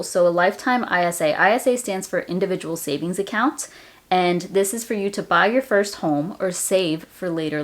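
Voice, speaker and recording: An American woman hosting a personal finance video, talking in a chatty, friendly way. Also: on the low side. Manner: chatty and friendly, says y'all. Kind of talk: casual direct-to-camera finance talk.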